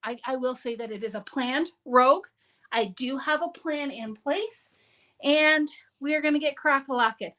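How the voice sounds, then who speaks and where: Woman, high voice, live craft demo, chatty and upbeat, restarts her sentences. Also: normal speed, fairly bright tone. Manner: chatty, upbeat, self-interrupting. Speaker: papercraft demonstrator.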